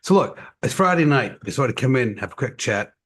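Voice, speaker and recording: Husky, chatty man on a livestream. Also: medium pitch, brisk. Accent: American-Scottish mix. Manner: energetic, chatty, many fillers and asides. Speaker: online tutoring company owner addressing parents. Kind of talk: casual live-stream talk to parents.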